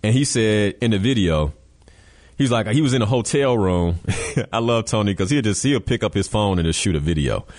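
An emphatic man hosts a motivational radio talk show. He turns to the listeners and presses his points home, and his pitch rises and falls a lot as he goes. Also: expressive, moderate pace, a little mellow. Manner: preachy, emphatic, addresses listeners directly.

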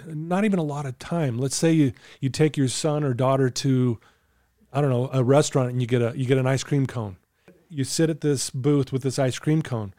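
A middle-aged man speaks in an earnest, coaching way, telling stories as a guest on a podcast. His voice is warm and mellow at a middle pitch. The sound is dry and close. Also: dry recording. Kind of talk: casual podcast chat.

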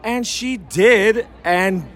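A man's voice: sits high, a bit bright, some chatter behind. A man hosting casual chats with concert fans outside a venue, joking, teasing and swearing freely. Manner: quick, playful, swears freely. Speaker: host interviewing concert fans.

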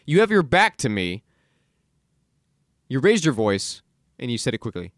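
Male podcast host, lively sarcastic solo rant, very dry close sound. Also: fairly low pitch, brisk, pauses often, no echo. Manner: animated, sarcastic, rants and mock-quotes people. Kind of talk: casual solo podcast monologue. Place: recording studio.

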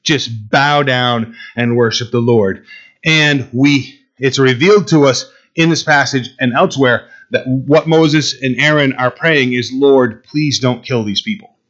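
A man's voice: mid-range voice, measured pace, fairly bright tone, lo-fi sound. A man preaching a sermon to a Bible class, emphatic, asking his listeners questions and repeating key phrases. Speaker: pastor teaching a Bible class.

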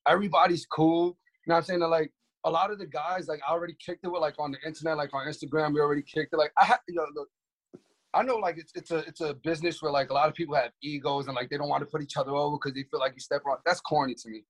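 A man's voice: on the high side, steady tone, very fast. A man, a wrestler guest in a casual interview, talking in a laid-back slangy way full of "like".

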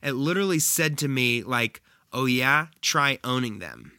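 A man telling a story in casual podcast chat, animated and quick to mimic voices. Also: medium pitch, smooth, no echo, clean studio sound.

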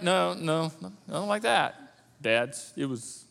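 Animated, high-voiced male preacher. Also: measured pace, vocal fry. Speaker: pastor. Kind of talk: sermon. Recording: long church hall reverb.

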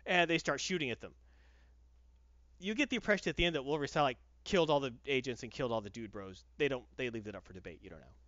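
A man's voice: mid-range voice, fast talker, a bit bright, no room sound, dull audio. A man reviewing a comic book in casual podcast chat, with sarcastic, exasperated ranting.

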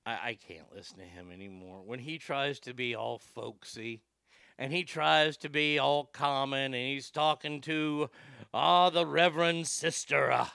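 A man's voice: medium pitch, a little slow, creaky, pushed and bright, clean tone, no room sound. A man hosting a political commentary show, sarcastic and profane, mocking what he plays. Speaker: host.

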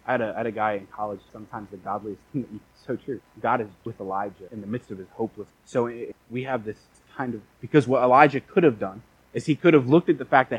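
A man's voice: mid-range voice, fast talker, a bit bright, breathy edge, dry recording, poor audio. A young adult man preaching a sermon in an earnest, conversational way, often restarting his sentences. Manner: earnest and conversational, with frequent restarts and acted asides.

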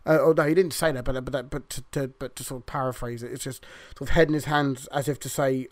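A man with a medium-pitched voice co-hosts a podcast, talking quickly with fairly even intonation and few pauses in a dry recording. He rambles casually through a wrestling review, swearing freely while acting out the wrestlers' lines.

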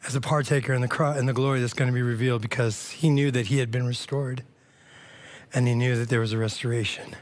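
A man's voice: mid-range voice, fairly even intonation, fast. A man preaching a casual, conversational sermon as pastor to his church, with frequent asides.

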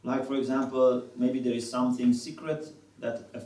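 A man's voice: mid-range voice, steady tone, moderate pace, dark tone, far from the mic. Man lecturing in an echoey classroom. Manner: asks students questions, quotes Arabic scripture. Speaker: religious teacher.

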